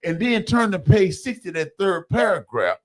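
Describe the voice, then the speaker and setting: A man's voice: high-pitched, normal speed. A man telling his personal recovery story in a loose, conversational way, calling his listeners y'all and acting out the voices of people he quotes. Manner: animated, acts out other people's voices in quotes.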